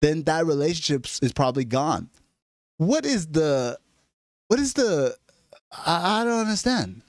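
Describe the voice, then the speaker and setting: Exasperated man ranting, lively pitch. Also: a little slow, long pauses, no echo, clean studio sound. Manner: exasperated, profane, animated. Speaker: vlogger. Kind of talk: ranting comedic monologue.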